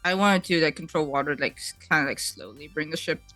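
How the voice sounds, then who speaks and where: A woman's voice: low-pitched, fast, over music. A woman player at a tabletop game, talking casually and playfully, joking about her moves.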